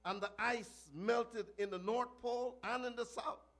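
A male preacher recounting a vision in an archaic biblical cadence, breaking into shouted refrains. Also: very high voice, fairly even intonation, a little slow.

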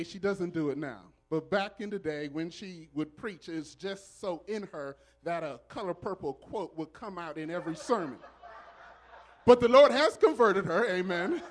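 A man who is a pastor, speaking in church in a preacherly style with loud exclamations and call and response. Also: on the high side. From Southern California. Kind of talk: church welcome speech. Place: church sanctuary.

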